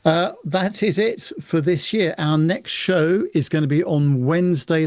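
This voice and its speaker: Man, co-host, fairly high voice, brisk, matter-of-fact, dry recording. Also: a little mellow, dry recording. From United Kingdom. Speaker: podcast co-host. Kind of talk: reading out show contact details.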